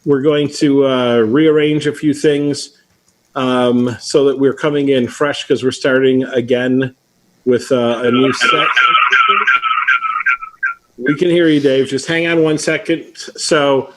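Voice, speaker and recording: A man's voice: medium pitch, fairly even intonation, slow pace. A middle-aged man hosting a livestream, chatting casually and telling a teasing story. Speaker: host.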